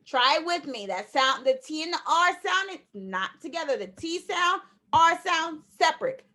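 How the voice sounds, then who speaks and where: A woman teaching a phonics lesson to young children, sounding out letters slowly and emphatically, with repeated encouragement. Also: high voice, expressive, bright, forceful tone. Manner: encouraging, repeats phrases to the class. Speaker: kindergarten teacher.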